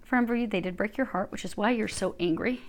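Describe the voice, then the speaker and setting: A woman giving a casual angel card reading to her viewers, chatty and animated, swinging from quiet asides to emphatic bursts. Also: medium pitch, rapid-fire.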